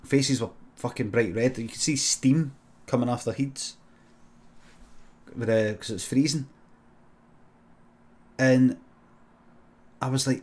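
A Scottish man spinning an improvised comic story from a home streaming setup. His delivery is deadpan and full of swearing, with sudden loud shouted bits, at a pitch that sits in the middle for a man. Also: slow, long pauses.

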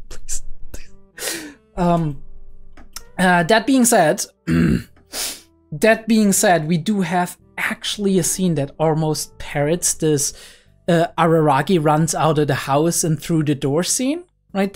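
Young woman, deep register, rambly reaction host who swears often, soft music underneath. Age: young adult. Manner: excitable, rambling, swears freely. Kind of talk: casual reaction commentary.

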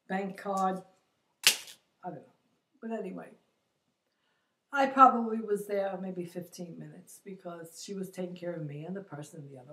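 A woman's voice: medium pitch, a little hiss or hum. An older woman vlogging a chatty, exasperated story of her day and quoting the people she met. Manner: chatty, exasperated, quotes others in her retelling. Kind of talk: casual storytelling monologue. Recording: roomy echo, distant from the mic.

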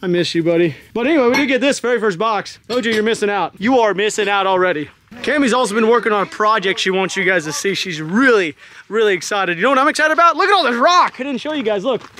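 A young man vlogging casually about storage unit finds, excited and jokey, talking outdoors in the heat. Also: high-pitched, fast, slight background noise. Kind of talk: casual vlog chat.

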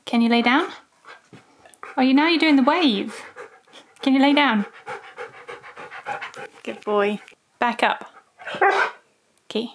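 Her voice high-pitched and slow with frequent pauses, a woman talks her dog through tricks for one of her videos. She keeps the mood playful, coaxing the dog and laughing often.

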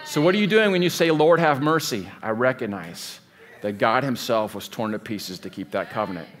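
A pastor preaches a sermon in a conversational, digressive style, often pausing to rethink a sentence and thinking aloud mid-sentence. His voice is medium-pitched and a bit bright, with lively intonation, normal speed and a little hiss or hum.

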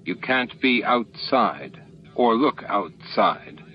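A man's voice: on the low side, expressive, slow. A man reading as a firm starship captain. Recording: lo-fi with faint hiss.

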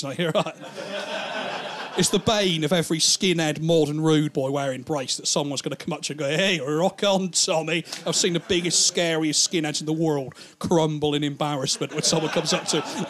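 A man's voice: fairly high pitch, normal speed, a crowd in the background. A man doing stand-up, telling rambling, profane stories and laughing at his own jokes. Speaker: stand-up comedian. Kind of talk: stand-up storytelling.

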